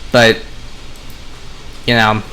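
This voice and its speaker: A man's voice: on the low side, drawn-out words, clean tone. A young man talking casually to his viewers while playing a game, rambling between gameplay and opinions. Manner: relaxed, rambling, talks to viewers. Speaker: gaming vlogger.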